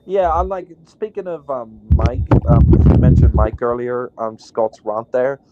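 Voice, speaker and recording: A man co-hosts a podcast, rambling indignantly and filling his talk with "like" and "um". His voice is mid-pitched for a man. The sound is dull and muffled. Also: expressive, a little slow, very noisy. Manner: indignant, rambling, many fillers like "like" and "um". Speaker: podcast co-host. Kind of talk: heated podcast rant.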